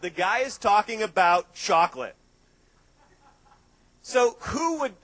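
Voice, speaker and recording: A middle-aged man speaks high in his register as he lectures on health to a live audience. He jokes and tells stories with animated energy, pressing his points to the room. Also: no echo. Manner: animated, joking storyteller. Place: restaurant event room.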